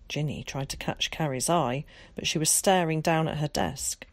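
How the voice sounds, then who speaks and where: A woman reading a children's story aloud in a steady, measured way, shifting into character voices for quotes. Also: low-pitched, no echo. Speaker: audiobook narrator. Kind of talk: storybook narration.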